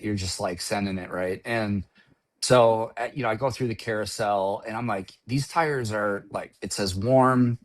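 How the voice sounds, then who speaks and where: A middle-aged man, a track-day driver, recounting a crash in casual, rambling conversation with frequent restarts. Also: fairly low pitch. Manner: rambling, restarts often, storytelling. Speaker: guest driver.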